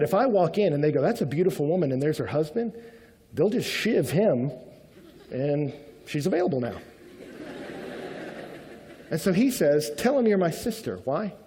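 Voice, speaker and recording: A man with a fairly high voice delivers a lively sermon in a big hall, and his words trail off into a long reverb. He talks casually and jokes as he goes, slipping into the voices of the people he quotes. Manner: animated, acts out quoted voices, conversational humor. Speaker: pastor.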